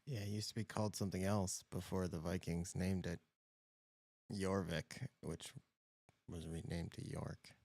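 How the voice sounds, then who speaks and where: A man's voice: deep voice, flat delivery, unhurried, a little mellow, no echo. A man co-hosting a live stream, explaining in a matter-of-fact way. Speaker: podcast co-host. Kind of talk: casual live-stream chat.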